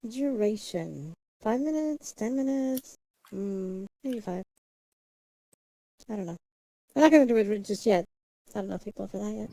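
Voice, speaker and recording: Woman streaming live, dark gravelly voice, mutters to herself and hums while setting stuff up. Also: mid-range voice, expressive, unhurried, long pauses, dry recording, poor audio. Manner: hums and sings nonsense syllables. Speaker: livestreamer. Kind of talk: casual chat.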